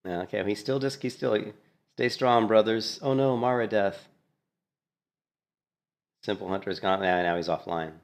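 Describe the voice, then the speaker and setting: A man casually commentating on a gameplay clip, animated and mocking, laughing often. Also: lowish voice, moderate pace, pauses often. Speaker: gaming streamer.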